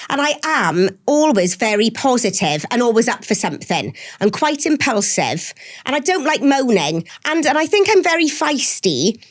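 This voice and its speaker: A Welsh woman in her forties speaks in a fairly high voice as a podcast guest. She tells candid, lively stories with the odd swear word, in casual interview chat. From Wales. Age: 40s.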